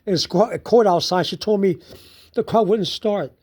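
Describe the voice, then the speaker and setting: Laughing, slow-paced casual storyteller. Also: mid-range voice, darkish tone, slightly rough. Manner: slow, repetitive telling with frequent laughter. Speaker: storyteller recounting their day.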